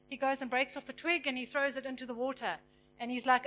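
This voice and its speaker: A woman preaching a sermon, retelling a story and acting out its characters with lively emphasis. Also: sits high, fast. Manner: animated, acts out the characters with emphasis.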